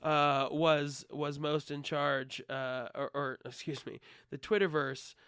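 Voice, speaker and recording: A man's voice: fairly high pitch, fairly even intonation, slow pace, a bit bright, clean tone, dry recording. A man hosting a casual comedy podcast in a studio, laughing often and restarting his sentences. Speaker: podcast host.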